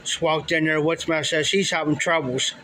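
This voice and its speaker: A man's voice: fairly high pitch, steady tone, a little fast, pushed and bright, a little hiss or hum, low-quality recording. A man casually telling a long story, rambling and repeating "he says" and "I said" as he quotes people. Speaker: livestream storyteller. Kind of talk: casual spoken anecdote.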